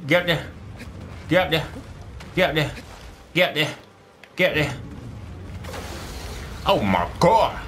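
A man's voice: on the high side, slow, long pauses, a little hiss or hum. A man giving let's play commentary, exclaiming and talking to the characters on screen. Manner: animated, exclaiming, talks to game characters. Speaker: gaming streamer.

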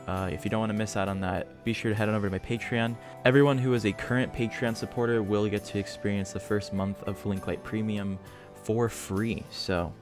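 A young man hosting his channel, giving a relaxed, rambling update with a few fillers. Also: on the low side. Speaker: channel host. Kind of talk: casual direct-to-camera channel update. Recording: music playing under the voice.

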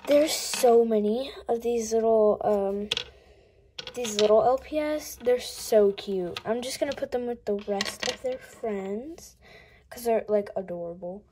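A young woman chatting casually while unboxing toys, gushing and gasping often, sometimes dropping to a breathy coo. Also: a little high, measured pace, background noise.

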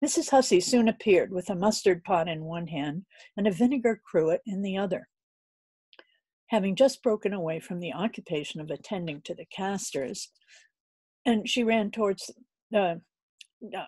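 A woman's voice: mid-range voice, lively intonation, normal speed, pauses often, mellow, no room sound. A woman narrating a classic novel as an audiobook reader, earnest and a little unpolished, with occasional slips.

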